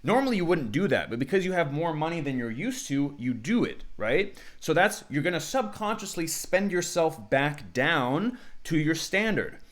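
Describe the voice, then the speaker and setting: A man giving unscripted self-improvement advice to camera in an energetic, slangy way, acting out the people he quotes. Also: on the high side, moderate pace, hardly any pauses.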